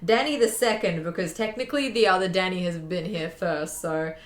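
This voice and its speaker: A woman's voice: lowish voice, fairly quick. A young woman chatting casually to her viewers, rambling with lots of fillers and repeats. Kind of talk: casual chat. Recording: echoey room.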